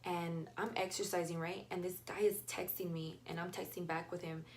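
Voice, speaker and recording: A woman's voice: fairly low pitch, level tone, moderate pace, slight background noise. A young woman retelling a story in a casual, blunt and profane way, acting out the dialogue. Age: young adult. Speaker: vlogger.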